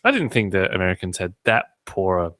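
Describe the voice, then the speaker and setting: A man's voice: low voice, sing-song, fairly quick, fairly bright tone, dry recording, clean studio sound. A man hosting a podcast in casual chat, cracking irreverent jokes. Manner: joking, irreverent banter. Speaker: podcast host.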